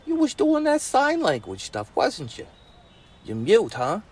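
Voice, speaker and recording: An uncle doing a loud young boy in a storybook tale, pitched well up from his usual voice. He blurts, bosses and gets excited fast, with a bouncy, swooping delivery. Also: husky, heavily acted. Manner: blunt, bossy, excitable. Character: brash loudmouthed young boy diver.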